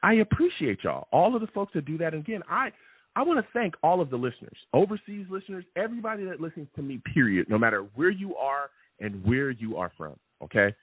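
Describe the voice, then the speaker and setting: Chatty sports host on a tinny line. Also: male voice, on the high side, fast, slightly rough, no echo. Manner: animated and chatty, repeats "okay?" and "all right?" often. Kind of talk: live call-in fan show monologue. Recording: tinny phone-like sound.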